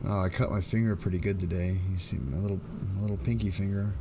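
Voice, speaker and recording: A hoarse man, hosting a casual live stream and greeting chatters by name in a laid-back way. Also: deep voice, fairly even intonation, fast talker, background noise. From Texas. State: hoarse, voice going out.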